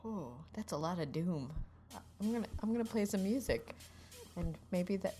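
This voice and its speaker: A woman's voice: lowish voice, lively intonation, normal speed, warm tone. A woman co-hosting in character with rambling, easily distracted, apologetic comedic banter. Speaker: co-host.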